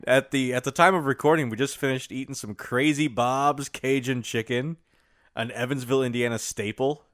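A man's voice: medium pitch, moderate pace, a bit bright, no room sound, clean studio sound. A man co-hosting a podcast in casual chat, teasing and joking with frequent laughter. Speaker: podcast co-host.

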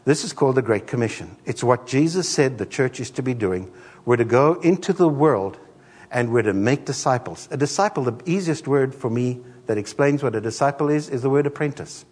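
A middle-aged man preaching a sermon as a pastor, an animated storyteller who acts out the voices in his stories. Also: medium pitch, fairly quick, slightly rough, in a large hall.

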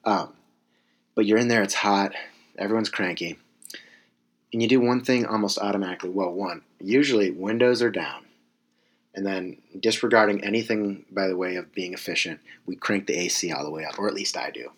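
A man's voice: lowish voice, a little fast, breathy edge. A young man in his twenties from California, giving a rambling, self-correcting comedic monologue with wry asides.

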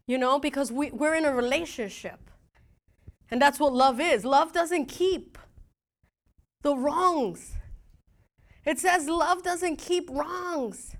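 A middle-aged woman pastor delivers a sermon in a high, bright voice. She tells stories in an animated way, acting out bits of dialogue as she goes. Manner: animated storytelling with laughs and acted-out dialogue.

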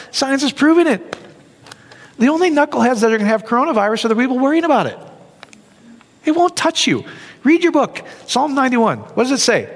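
A man preaching a sermon, animated, often tossing rhetorical questions to the crowd. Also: extremely high pitch. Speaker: pastor. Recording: long hall reverb.

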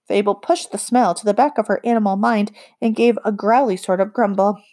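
A woman narrating an audiobook in a calm, measured storytelling voice. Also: mid-range voice.

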